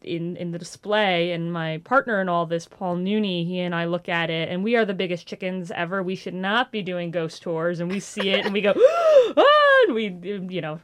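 A woman in her thirties, a ghost tour guide, telling stories in an animated way and acting out gasps and quotes in an interview. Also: lowish voice, moderate pace, hardly any pauses, clear, resonant tone. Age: 30s. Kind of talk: storytelling interview.

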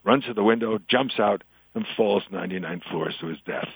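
An older man talks as an interview guest, in a chatty storyteller's way. His voice gets animated when he delivers punchlines. The room sounds dry and close. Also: lowish voice, brisk, creaky, breathy edge, no room sound, rough recording. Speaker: author and guest. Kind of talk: interview conversation, telling jokes.

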